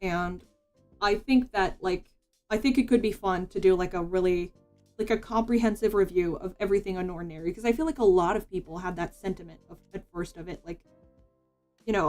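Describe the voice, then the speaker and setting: A woman streamer talks casually at her desk mic while drawing, her thoughts rambling and full of "like" and restarts. Her pitch sits in the middle range. Soft music plays faintly behind her. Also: a little fast.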